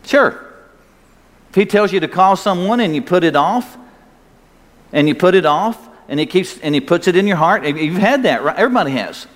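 A man's voice: lively intonation, normal speed. Older preaching man in echoing hall. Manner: folksy, emphatic preaching with rising pitch on key points. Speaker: pastor. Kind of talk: sermon. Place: church sanctuary. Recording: long hall reverb, faint ambience.

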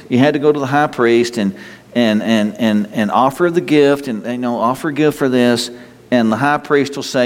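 A man preaching a sermon in an earnest, halting way, repeating himself as his pitch rises and falls. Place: church hall. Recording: long reverb of a hall.

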